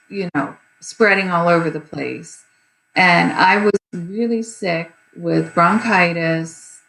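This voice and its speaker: Fifties woman, raspy fry in her voice, kinda low, rambly guest telling her story, room echo. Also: fairly bright tone. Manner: candid, rambling with many fillers. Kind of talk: personal story in an interview. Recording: echoey room with faint noise.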